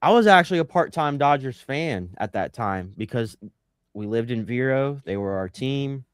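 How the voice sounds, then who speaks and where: A man's voice: mid-range voice, moderate pace, clean tone, dry recording, studio quality. A man co-hosting a casual sports podcast, chatting, joking and reading out viewer comments. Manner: animated, jokey, reads out live comments. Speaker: podcast co-host.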